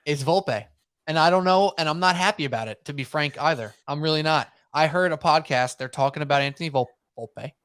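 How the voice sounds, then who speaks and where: A man hosting a sports podcast in casual chat, talking in animated, rambling runs and mocking himself. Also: fairly high pitch, fast, hardly any pauses, smooth, no echo, clean studio sound. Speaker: podcast host.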